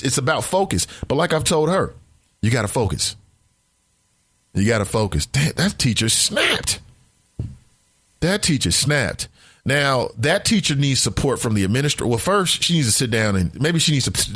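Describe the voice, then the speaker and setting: A man hosting a casual talk radio show, speaking in an animated, emphatic, conversational way. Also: medium pitch, no echo, studio quality.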